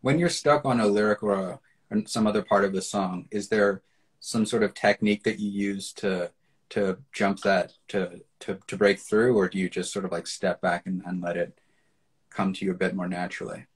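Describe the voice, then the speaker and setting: A man's voice: deep voice, steady tone, normal speed. A man interviewing someone, asking a question hesitantly with several restarts.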